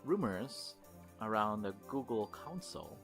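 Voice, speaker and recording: A man's voice: on the low side, lively intonation, unhurried, a bit bright, faint music behind. A man hosting a gaming podcast, chatting casually with co-hosts and often laughing as he rambles. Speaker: podcast host. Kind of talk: casual chat.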